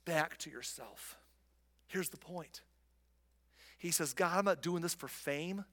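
Male pastor, high-pitched and lively, retelling scripture in a reverberant church hall. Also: measured pace, long pauses. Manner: animated storytelling, voices quoted figures with rising pitch. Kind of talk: sermon.

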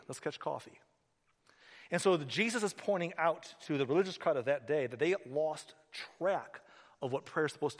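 A man, a pastor, preaching a sermon in a conversational, animated storytelling manner in a church hall. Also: fairly high pitch. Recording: echoey hall.

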